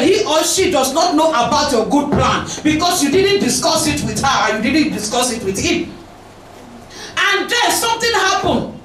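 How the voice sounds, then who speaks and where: A woman preaching a sermon, animated, often shouting and laughing, slipping into pidgin. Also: high-pitched, a little hiss or hum. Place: church. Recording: echoey church hall, distant mic.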